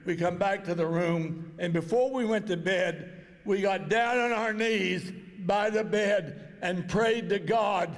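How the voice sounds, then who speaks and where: An older man with a drawl tells a story in a plain, folksy way, and his voice sits high for a man. He is speaking over a PA in a banquet hall, and the sound carries a long, ringing echo. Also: slow. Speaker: inductee giving a speech. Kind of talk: storytelling speech at an awards dinner.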